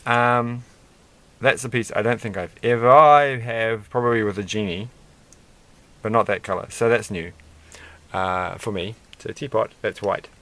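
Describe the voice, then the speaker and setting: A man's voice: on the low side, steady tone, a little slow, sharp tone. Rambling man chatting while building Lego. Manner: chatty, rambling, self-amused asides. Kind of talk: casual rambling build commentary.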